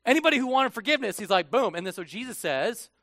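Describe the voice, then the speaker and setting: A male pastor giving a conversational sermon, animated, swinging from hushed asides to loud, emphatic bursts. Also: very high-pitched, fast talker, no echo.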